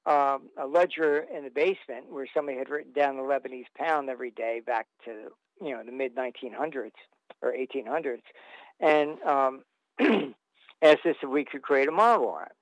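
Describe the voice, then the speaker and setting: A man's voice: a little high, no room sound, highs cut off. A man telling long anecdotes as an interview guest, rambling with fillers and restarts.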